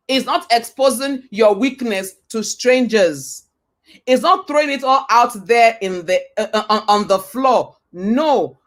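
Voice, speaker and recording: This woman delivers a motivational talk in a fairly high voice. Her style is emphatic: she repeats points, poses rhetorical questions and now and then quotes scripture, much like a preacher.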